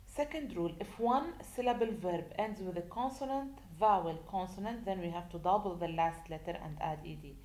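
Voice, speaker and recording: A woman teaching a grammar lesson, speaking slowly and deliberately, repeating points and asking rhetorical questions. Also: medium pitch, animated, a little mellow. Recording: echoey room with faint noise.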